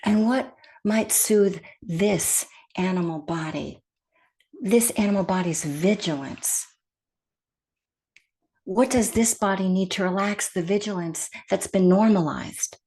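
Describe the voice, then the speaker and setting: A woman meditation teacher speaking at an unhurried, deliberate pace. Her voice sits at an ordinary middle pitch, gentle and soft-spoken, and she sometimes sinks into a hushed whisper. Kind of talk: guided meditation talk.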